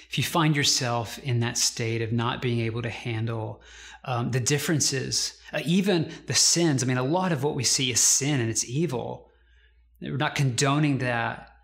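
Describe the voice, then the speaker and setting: A man preaching a sermon in an earnest, conversational way, slowing down to stress quoted lines. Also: mid-range voice. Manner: earnest, conversational preaching with slowed, emphatic quotations. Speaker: pastor.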